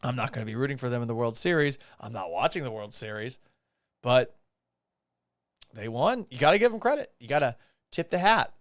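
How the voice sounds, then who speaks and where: A man's voice: mid-range voice, brisk, long pauses, no echo, studio quality. A man hosting a live podcast stream, ranting casually and profanely while reading chat comments. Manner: profane, animated and sarcastic. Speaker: podcast host reacting to a baseball loss.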